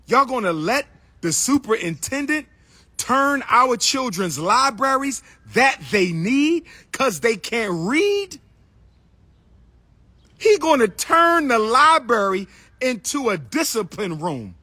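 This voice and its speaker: A man's voice: sits high, very animated, slow, sharp tone, no room sound. A middle-aged man giving an impassioned speech as an activist, preaching and repeating his calls and pleas. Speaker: activist speaker.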